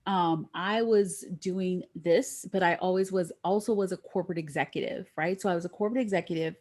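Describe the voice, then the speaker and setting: A middle-aged woman guest telling a lively story in a podcast interview, acting out the voices of the people she quotes. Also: fairly quick. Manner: animated, acts out quoted voices with big pitch jumps.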